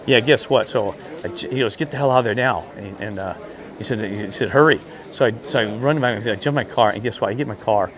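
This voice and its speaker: A man telling a rambling, animated story in casual talk, with frequent restarts. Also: on the low side, quick pace, crowd noise. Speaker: spiritual investigator. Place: outdoors in a town.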